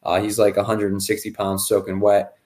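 Lower-voiced man, confident sports host. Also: monotone, a little mellow. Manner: confident, rapid-fire betting picks. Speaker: podcast co-host. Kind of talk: casual sports podcast chat.

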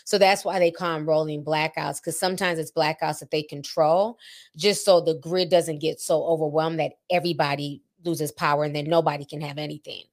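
A woman's voice: sits low, steady tone, brisk. A woman from Minnesota chatting casually and explaining things at length in an informative way. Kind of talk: casual chat.

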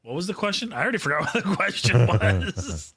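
A man's voice: on the high side, wildly swooping pitch, fairly quick, creaky, fairly bright tone, breathy edge, dry recording, clean studio sound. A man co-hosting a podcast, arguing his point in casual banter and laughing often. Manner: laughing, argumentative. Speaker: podcast co-host.

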